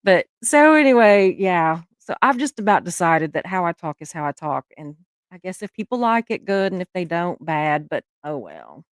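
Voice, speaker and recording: A middle-aged woman with a Southern US accent, hosting a casual livestream chat. She talks warmly to her viewers and laughs often. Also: fairly low pitch, animated, clear, resonant tone, no room sound, studio quality. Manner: chatty, laughs often, drawn-out words. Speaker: livestream host.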